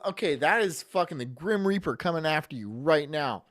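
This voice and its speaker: A man's voice: a little high, expressive, normal speed, few pauses. A man streaming live, reacting to clips with casual, profane commentary and frequent laughter. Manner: profane, laughs often, talks to his partner off mic.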